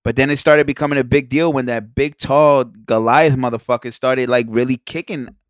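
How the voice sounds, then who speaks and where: A young man on a casual podcast telling animated stories, acting out quotes and swearing a lot. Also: medium pitch, moderate pace, no room sound, clean studio sound. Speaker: podcast co-host.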